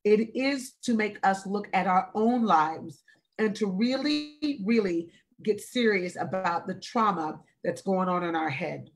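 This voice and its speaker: A woman in her forties speaks over a live stream as a wellness speaker. Her voice sits at a middle pitch, and she talks slowly and deliberately, stressing and repeating her phrases for weight. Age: 40s. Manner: slow, emphatic, repeats phrases. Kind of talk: earnest, deliberate talk. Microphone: video call or live stream.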